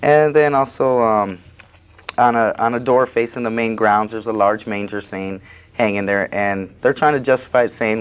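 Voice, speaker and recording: A man's voice: lowish voice, moderate pace, clear, resonant tone, muffled recording. A man speaking as a guest on a studio interview show, talking plainly in an aggrieved tone. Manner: plain-spoken, aggrieved, recounting a workplace dispute. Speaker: guest, activist. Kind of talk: casual interview talk.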